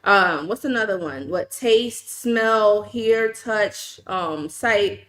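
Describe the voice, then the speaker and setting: A woman's voice: medium pitch, slow pace, fairly bright tone. A woman from New York City with a New York accent, hosting a livestream and telling a story in a casual, profane, emphatic way while reading and answering her chat. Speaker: livestream host.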